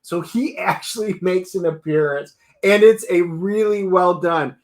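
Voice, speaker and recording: A man with a noticeably high voice chats casually as co-host of a TV review show. He retells scenes in an animated way, jumping into quoted lines as he goes. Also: measured pace. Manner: animated storytelling, acts out character quotes.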